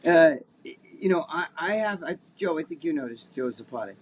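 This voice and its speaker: A man's voice: a little high, expressive, brisk, slight background noise. A middle-aged man co-hosting a casual podcast, telling stories in a rambling, profane way full of restarts. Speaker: co-host.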